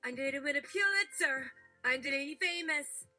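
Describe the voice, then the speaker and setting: A woman voicing an unhinged male joke writer who screams threats in a high, strained voice. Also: normal speed, sharp tone, faint music behind, heavily acted. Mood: furious. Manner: screaming repeated threats, rising to a shriek.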